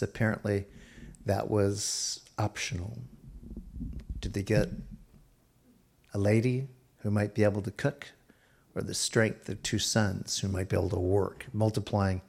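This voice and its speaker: A man preaching a sermon, expressive, shifting his pace and dropping softer for quoted lines. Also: on the low side, vocal fry, breathy edge. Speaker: pastor.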